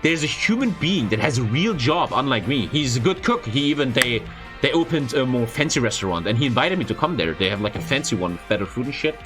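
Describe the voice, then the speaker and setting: Animated, profane male streamer. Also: medium pitch, fast talker, over music. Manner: profane, expressive, frequent swearing. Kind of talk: casual storytelling chat.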